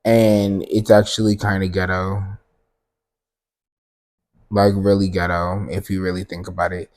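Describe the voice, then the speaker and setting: A man's voice: sits low, little pitch movement, measured pace, darkish tone. A man hosting his own podcast, talking bluntly in a casual rant. He swears often, piles up fillers and restarts, and his voice jumps up when he makes a point. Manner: blunt, profane, filler-heavy with sudden emphatic rises. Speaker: podcast host.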